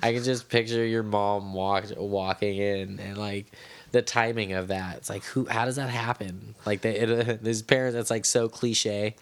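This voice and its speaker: A man's voice: fairly low pitch, fairly even intonation, normal speed. A man co-hosting a casual podcast chat, rambling loosely and laughing easily. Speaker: podcast co-host.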